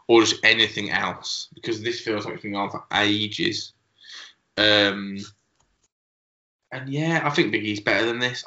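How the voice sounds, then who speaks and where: Bright-voiced rambling man, echoey. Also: fairly low pitch. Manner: rambling, laughing, restarts. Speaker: podcast co-host. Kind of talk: casual chat. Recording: echoey room, dull lo-fi sound.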